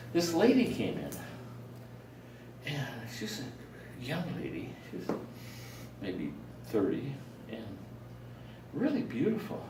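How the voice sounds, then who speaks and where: Animated older man telling a tale. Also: fairly high pitch, background noise. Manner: rambling, animated, acts out quoted voices. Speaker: storyteller. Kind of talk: personal storytelling. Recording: roomy, distant mic.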